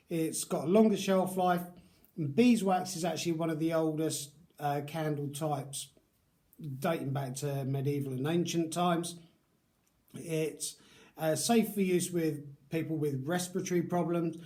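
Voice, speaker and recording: A man talks casually through a product review, circling back to fix his own words as he goes. His voice sits a little high yet sounds mellow and relaxed. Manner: chatty, rambling, self-correcting.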